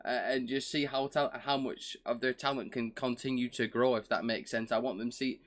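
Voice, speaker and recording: A man's voice: mid-range voice, fairly even intonation, moderate pace. A man chatting through a reaction video, enthusiastic and meandering. He stumbles and restarts as he talks, in a casual, unscripted manner. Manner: rambling and enthusiastic, many restarts and fillers.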